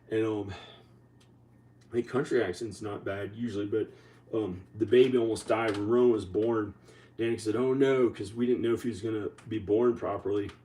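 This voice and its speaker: A man vlogging in a rambling, halting way, full of restarts, sounding tired and short on sleep. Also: on the low side, mellow, echoey room, recorded from a distance, slight background noise, low-quality recording. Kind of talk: rambling casual monologue to camera.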